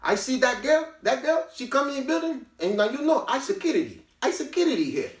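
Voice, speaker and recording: A man voicing an excitable male security guard who talks in broken English, in a roomy recording from a distance. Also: sits high, slow pace, full character voice. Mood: indignant.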